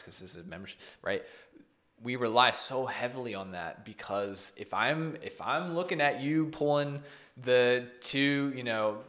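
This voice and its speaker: A male fitness coach on a casual podcast, talking in a lowish voice. He is animated and jokes at his own expense. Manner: animated, self-deprecating.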